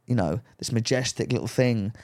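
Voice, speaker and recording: A man's voice: mid-range voice, normal speed, a little mellow. A man co-hosting a podcast, telling a rambling story in casual chat, full of likes and rights. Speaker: podcast co-host.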